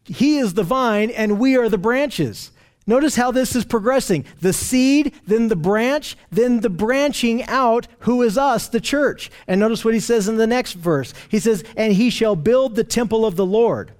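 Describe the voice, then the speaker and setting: A man preaching a sermon in an earnest teaching tone, slowing down to stress scripture. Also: extremely high pitch, expressive, a little mellow.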